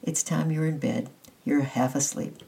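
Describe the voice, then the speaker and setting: A reader voicing a stern but kindly old housekeeper woman who talks in a brisk, plain-spoken way. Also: medium pitch, fairly even intonation, gravelly, warm tone, lightly acted, low-quality recording.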